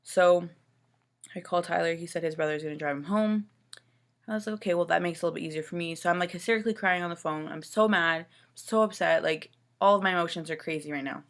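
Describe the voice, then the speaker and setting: A woman's voice: lowish voice, quick pace. A woman from Canada, a new mother, rambling through an upsetting personal story in casual talk full of "like" and "you know". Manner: upset and exasperated retelling.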